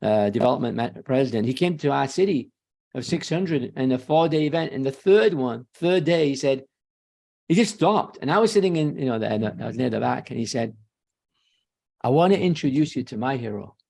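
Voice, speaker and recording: A man who is a real estate sales trainer, talking as a webinar guest in a confident, emphatic way with quick self-corrections. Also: mid-range voice, animated, creaky, a little mellow.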